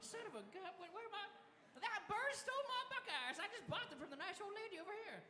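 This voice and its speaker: Dude doing a grumpy old granny, high and wobbly, echoey room. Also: male voice, lively intonation, quick pace, sharp tone, slight background noise, exaggerated voice. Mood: indignant. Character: cranky old woman with a bad hip.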